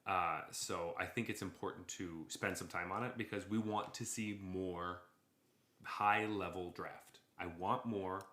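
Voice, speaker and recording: Podcast co-host: excitable man with a lowish voice, easy laugh, in an echoey room. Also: a little slow. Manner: excitable, enthusiastic, laughs often. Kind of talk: casual chat.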